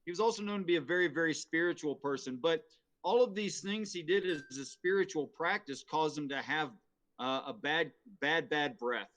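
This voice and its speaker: A man on a casual stream chat, slowly building up a pun joke with many ums and restarts. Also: on the high side, a bit bright. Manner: hesitant, full of ums and restarts.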